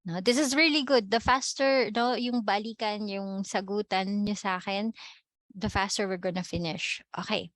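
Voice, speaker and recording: A woman's voice: medium pitch, fairly even intonation, normal speed, fairly bright tone, no echo. A woman with a Filipino accent, teaching a Spanish class online and switching between English and Tagalog. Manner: mixes English and Tagalog, ends phrases with "no?".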